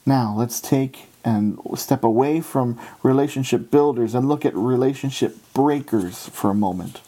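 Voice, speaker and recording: A man delivers an earnest sermon at a steady pace, his voice dark and mellow. He leans on quotations and turns each one back to his listeners. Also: mid-range voice, measured pace. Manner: earnest, steady delivery, often quoting scripture and authors. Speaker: preacher.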